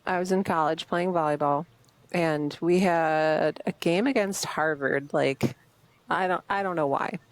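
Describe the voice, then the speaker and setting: A young adult woman co-hosting a podcast in casual chat, chatty and quick to laugh, with many fillers. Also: sits low, no echo. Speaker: podcast co-host.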